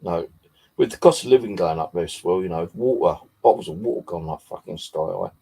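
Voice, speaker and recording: Gravelly low-voiced guy. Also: brisk, dark tone, low-quality recording. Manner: rambling, swears often, many fillers. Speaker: vlogger. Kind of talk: casual rambling chat.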